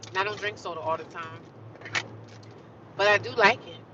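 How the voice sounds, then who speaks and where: This woman speaks at a normal speed in a mid-range voice while livestreaming in the city. She's casual, sassy and quick to laugh, though the phone audio is dull and lo-fi, swamped by loud traffic and street noise.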